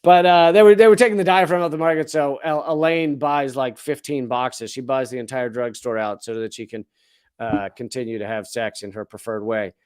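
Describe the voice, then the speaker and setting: A man's voice: medium pitch, fairly even intonation, a little fast, clean tone. A man in his forties hosting a comedic political monologue, sardonic and profane, riffing with asides while reading news stories. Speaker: comedian and political commentary host.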